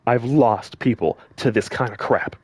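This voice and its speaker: Angry man ranting slowly at viewers. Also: medium pitch, husky, no echo. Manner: scolding, heated, repeats himself for emphasis. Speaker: gaming channel commentator. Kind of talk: angry direct-to-camera rant.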